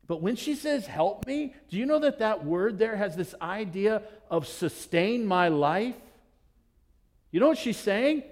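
A male pastor preaching a sermon to his church, animated and emphatic, with dramatic pauses. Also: high-pitched.

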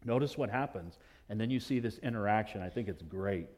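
A male pastor preaching a sermon to his church, animated and emphatic, with dramatic pauses. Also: lowish voice.

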